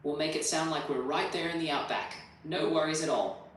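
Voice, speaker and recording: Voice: mid-range voice, fairly even intonation, fairly quick, fairly bright tone, a little hiss or hum. Upbeat AI voice with Australian accent. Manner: upbeat, slangy, chatty. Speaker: AI voice assistant. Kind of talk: casual chat and guided meditation. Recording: roomy playback heard from a distance.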